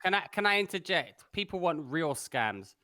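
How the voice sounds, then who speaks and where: A man's voice: a little high, very animated, normal speed, pushed and bright, a little hiss or hum. A man co-hosting a comedy podcast, dry and mock-pompous as he keeps interjecting. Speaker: podcast co-host. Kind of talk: casual chat.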